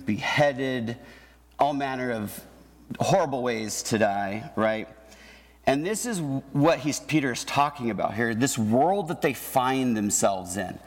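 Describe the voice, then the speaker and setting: Male pastor, casual sermon delivery, tag questions, church hall reverb. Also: medium pitch. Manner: conversational, keeps asking "right?".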